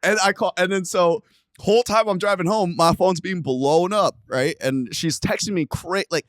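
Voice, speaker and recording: Profane, animated young man telling a story. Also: high-pitched, normal speed, no echo, studio quality. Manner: profane, animated, bursts into loud outbursts. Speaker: podcast host. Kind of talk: casual storytelling chat.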